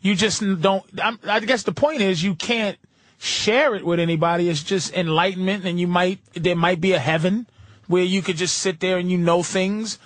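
Male podcast co-host, high voice, rambling and musing, dry sound. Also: fairly bright tone, dry recording. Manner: rambling, musing, halting restarts. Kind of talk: rambling casual chat.

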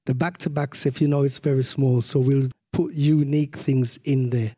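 A Birmingham man with a Jamaican-tinged Brummie accent chats at an easy pace as an interview guest. His voice is dark and husky, and he drifts from point to point with a ready laugh. The recording is close and dry. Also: mid-range voice, fairly even intonation, normal speed, no echo. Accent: Birmingham English with Jamaican patois influence. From Birmingham, England. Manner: rambling, laughs often, tags with "you know". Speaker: sound system founder, interview guest. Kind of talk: relaxed conversational interview.

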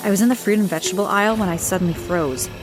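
A woman narrating a dramatic first-person story in a steady, earnest reading voice. Faint music plays softly underneath her. Her pitch sits in a middle register. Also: rapid-fire.

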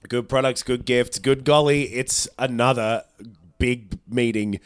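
A man's voice: medium pitch, steady tone, unhurried, smooth, dry recording. A man co-hosting a podcast, chatting casually, swearing freely and acting out what people say. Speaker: podcast co-host. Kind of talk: casual chat.

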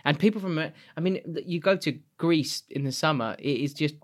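A man co-hosting a casual podcast chat, animated and laughing often, his voice leaping up when he is outraged. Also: fairly high pitch, moderate pace. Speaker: podcast co-host.

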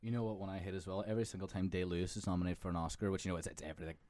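Low-voiced quick Irish-raised man. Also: little pitch movement, darkish tone, no room sound. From Ireland. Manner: quick, sweary chatter. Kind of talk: casual film chat.

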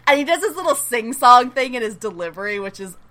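A woman hosting a podcast, recapping a TV episode in casual chat, excitable and quick to laugh and swear. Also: a little high. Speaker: podcast host.

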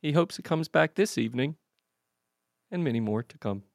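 A man's voice: fairly high pitch, lively intonation, moderate pace, vocal fry, dry recording, studio quality. A man co-hosting a casual comedy podcast, trading crude, self-mocking banter. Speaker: podcast co-host.

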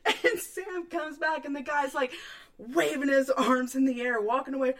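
A woman in her thirties tells a story with big energy, laughing, swearing and acting out the quotes in a loud voice. Her voice sits a little high. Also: expressive, moderate pace. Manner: swears a lot, laughs often, acts out quotes loudly. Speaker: podcast co-host. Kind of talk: animated storytelling.

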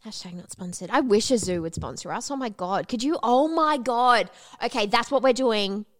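A young woman co-hosting a podcast in brash casual chat, swearing freely and jumping up in pitch for effect. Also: animated, normal speed, dry recording. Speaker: podcast co-host.

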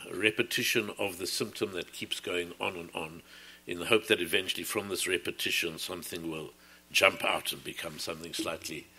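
A man's voice: sits low, sharp tone, slightly rough. A man talking through a creative project in a reflective, explanatory way, often restarting his sentences. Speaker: artist describing his work. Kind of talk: reflective talk.

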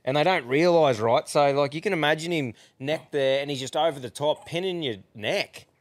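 A man's voice: a little high, moderate pace, no echo. An Australian man in his thirties co-hosting a podcast, chatting in a laid-back, blokey way and swearing freely. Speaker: podcast co-host. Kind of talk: casual banter.

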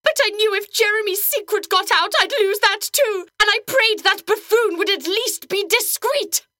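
A woman's voice: extremely high pitch, moderate pace, sharp tone, no room sound, clean studio sound. A woman playing a neglected Victorian wife with an indignant, melodramatic delivery.

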